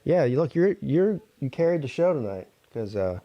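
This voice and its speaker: A man's voice: on the high side, very animated, moderate pace, no echo, dull audio. A man in his forties co-hosting a live stream, talking in a tired, laid-back way, worn out and yawning. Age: 40s. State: exhausted, yawning. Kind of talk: casual chat.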